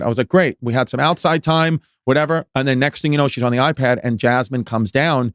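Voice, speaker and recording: A man's voice: mid-range voice, fairly quick, hardly any pauses, a bit bright, clean tone, dry recording. A man chatting casually as a podcast guest, looping back and restarting his sentences. His voice sits mid-range. The sound is dry and close. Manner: rambling storyteller with many restarts and "like"s.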